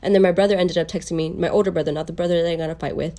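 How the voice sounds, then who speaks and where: A woman's voice: on the low side, fairly even intonation, very fast, mellow. A young adult woman telling a personal story in a casual, candid way, swearing freely and quoting people as she goes. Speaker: storytime creator.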